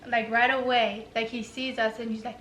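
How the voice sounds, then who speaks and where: A woman's voice: fairly high pitch, flat delivery, moderate pace, fairly bright tone, slight background noise. A young woman chiming in on a shared story, hesitant and full of fillers. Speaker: co-host. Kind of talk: casual storytime chat. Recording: echoey room, faint ambience.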